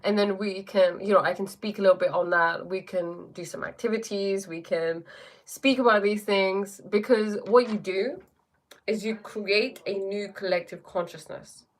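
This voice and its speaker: A woman's voice: mid-range voice, normal speed. A woman with an English accent, a spiritual teacher chatting casually on a live stream, reading viewer comments aloud and answering them. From England.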